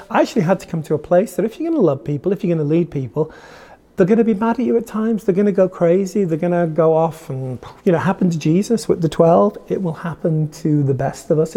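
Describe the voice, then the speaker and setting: A man's voice: a little high, warm tone. A man preaching a sermon as a pastor, in an earnest, conversational way with frequent restarts.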